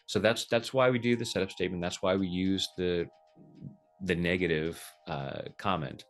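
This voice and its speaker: A man explaining a tapping technique in a relaxed, jokey way, slipping into quoted voices as he talks. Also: low-pitched, moderate pace, faint music behind. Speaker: tapping practitioner, guest. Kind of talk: casual teaching over video call.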